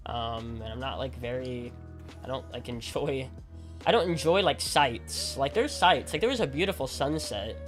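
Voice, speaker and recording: A man's voice: medium pitch, normal speed, fairly bright tone, faint music behind. A man from Alabama who streams games, chatting casually with viewers in a rambling way, full of "like" and restarts. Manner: rambling, heavy use of "like", frequent restarts. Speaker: game streamer. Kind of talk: casual chat with viewers while gaming.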